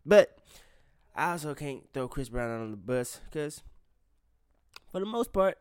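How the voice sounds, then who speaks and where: Male podcast host, casual and blunt, swears freely, mid-pitched, dry close sound. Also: sing-song, a little slow, long pauses, darkish tone, clear, resonant tone, dry recording. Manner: blunt and profane, talks straight to listeners.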